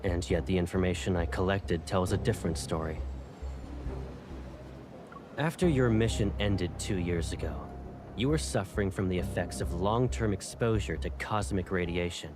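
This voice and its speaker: A man playing a cool, commanding young colonel speaks in calm, clipped lines with a fairly low voice. Game music plays clearly under him. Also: normal speed, close to an everyday voice. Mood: cold. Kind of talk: game voice acting.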